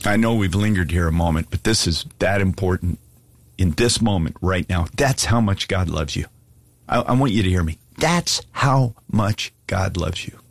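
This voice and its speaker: A man's voice: deep voice, moderate pace, no echo. A man preaching an earnest, pleading sermon and asking listeners to give their lives to Jesus. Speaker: pastor. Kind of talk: sermon altar call.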